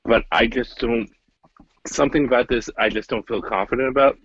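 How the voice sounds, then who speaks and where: A young man co-hosting a casual podcast chat, animated and profane, talking in quick restarts. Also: mid-range voice, husky, dry recording. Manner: animated, swearing, talks fast and restarts. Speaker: podcast co-host. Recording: dull lo-fi sound.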